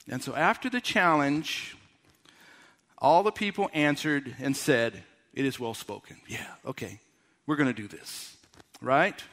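A man preaching a lively sermon, with announcer-style bursts and quiet asides. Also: medium pitch, takes it slowly, long pauses. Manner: drops to quiet, intimate tones. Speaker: pastor.

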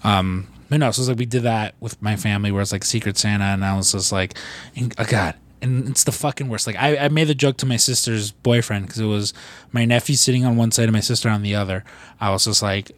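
A man's voice: lowish voice, fast, no room sound. Rambling, profane young man, dry sound. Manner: rambling, profane, lots of fillers and restarts. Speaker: podcast co-host. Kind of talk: casual chat.

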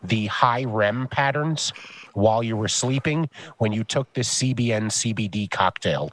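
A man co-hosting a casual podcast chat, telling stories in a lively way and swearing freely. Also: lowish voice, measured pace. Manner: animated storyteller, swears casually. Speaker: podcast co-host.

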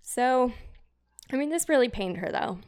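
A woman's voice: high-pitched, animated, moderate pace, darkish tone, smooth. A woman hosting a podcast, telling a story in casual chat, rambling with lots of fillers and self-conscious asides. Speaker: podcast host.

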